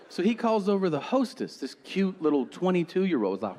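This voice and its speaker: A middle-aged male stand-up comedian tells a story onstage, his fairly high voice leaping all over the place as he acts out everyone in it. The stage recording picks up clear audience noise around him, with a long hall echo on part of the set. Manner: animated, acts out other people's lines in quick put-on voices.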